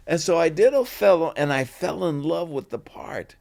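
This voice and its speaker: A man, an actor guest in an interview, telling relaxed anecdotes and acting out the voices of the people in them. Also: a little high, moderate pace, creaky, hardly any pauses. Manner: animated, acts out quoted voices in stories; relaxed and conversational, with "you know" fillers.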